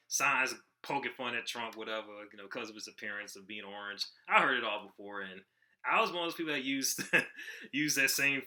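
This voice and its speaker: A male reaction host chats casually and keeps breaking into laughter. He trips over his words and restarts often, and his voice is very bright at a middling pitch. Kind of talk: casual commentary.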